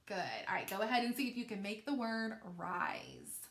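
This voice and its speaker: A woman teaching a recorded phonics lesson to young children, slow and encouraging, stretching out each sound. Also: on the high side, wildly swooping pitch, a bit bright, roomy sound.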